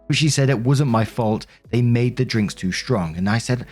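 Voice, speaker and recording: A man narrating online forum stories in a steady, even reading voice. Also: mid-range voice, a little fast, few pauses, breathy edge, faint music behind. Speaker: story narrator.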